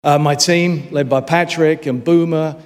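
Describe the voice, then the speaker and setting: A British man giving an award acceptance speech, halting and full of "uh" fillers, recorded in a large awards hall. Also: fairly high pitch, steady tone. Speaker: award winner. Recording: reverberant hall with crowd.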